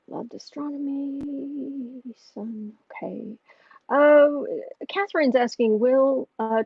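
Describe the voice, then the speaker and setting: Brief: American woman streamer, husky voice with some fry, chatty and rambling, muffled lo-fi dry recording. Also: high-pitched, dry recording. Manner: rambling, reads out viewer questions; soft cooing baby talk to her cat. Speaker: astrology and tarot livestream host. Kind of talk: casual livestream chat. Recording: muffled lo-fi mic, dry room.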